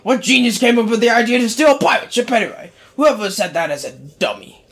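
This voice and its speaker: A man's voice: extremely high pitch, expressive, brisk, a bit bright, pitched above the performer's own voice. A man voicing a grumpy, forgetful old man who complains and blames others. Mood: grumbling. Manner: grumbling, mock-pirate talk.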